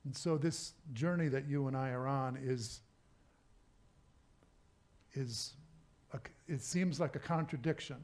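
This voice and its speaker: A minister with a medium-pitched male voice gives a sermon at a church service, keeping it conversational and laid-back. His delivery is halting, with frequent pauses and many restarted sentences.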